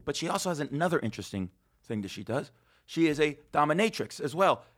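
A man hosting a podcast, telling rambling, foul-mouthed stories in casual chat, his voice slightly hoarse. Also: on the high side, sing-song, fast, fairly bright tone. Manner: rambling storyteller, swears freely, laughs often. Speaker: podcast host.

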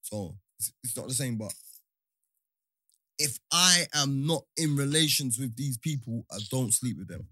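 A man's voice: mid-range voice, animated, measured pace, pushed and bright, no echo, clean studio sound. A man talking animatedly in casual chat, full of slang and repeating himself.

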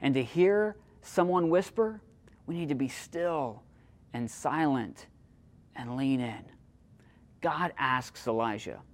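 A man preaching a sermon, moving between strong emphasis and quiet, almost whispered lines. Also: fairly high pitch, lively intonation, measured pace. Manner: dynamic, swings from loud emphasis to near-whisper. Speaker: pastor.

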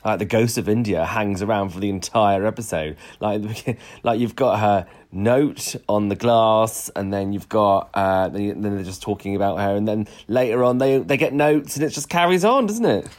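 Wry low-voiced man joking. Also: moderate pace, hardly any pauses, darkish tone. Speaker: podcast co-host. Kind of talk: casual chat.

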